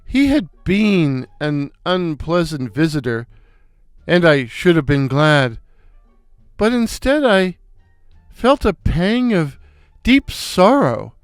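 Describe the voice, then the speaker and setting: An older man narrating a comic story in a wry, unhurried way. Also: a little high, clear, resonant tone, dry recording, clean studio sound. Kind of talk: scripted narration.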